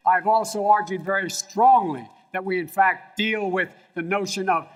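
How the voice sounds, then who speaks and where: Man speaking high in a reverberant hall. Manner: rushed, trailing off as time runs out. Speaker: politician at a debate. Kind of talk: debate answer. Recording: debate clip with long hall reverb.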